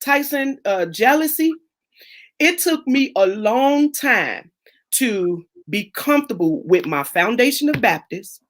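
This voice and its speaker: This is a woman with a fairly high voice hosting a casual talk show over a video call. She speaks with lively, animated energy, slipping into the voices of the people she quotes and circling back over her words as she builds a point. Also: takes it slowly. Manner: animated, acts out quoted voices, repeats herself. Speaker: host of a live chat. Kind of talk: casual chat.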